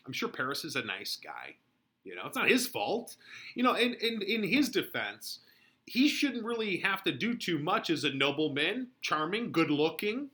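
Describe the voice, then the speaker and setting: A man casually teaching through a play, chatty and relaxed with frequent fillers. His voice is bright and sits slightly high. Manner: chatty, many fillers like "you know". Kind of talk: casual lesson commentary.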